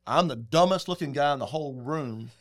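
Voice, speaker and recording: A middle-aged man, a guest telling folksy, animated stories in casual chat. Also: fairly high pitch, a little fast. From Texas. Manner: folksy, animated, acts out quotes. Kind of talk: casual storytelling.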